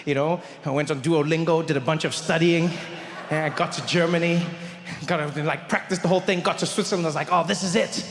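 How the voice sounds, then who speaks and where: A man telling a story in stand-up, animated and acting out every character on a live comedy stage. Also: on the high side, fast. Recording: echoey hall, live venue.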